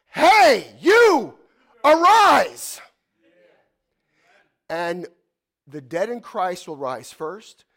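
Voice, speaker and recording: A man in his fifties delivering a church sermon in a fairly high, light voice. He is animated, rising to loud, ringing exclamations and then dropping to hushed, quiet asides. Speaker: pastor.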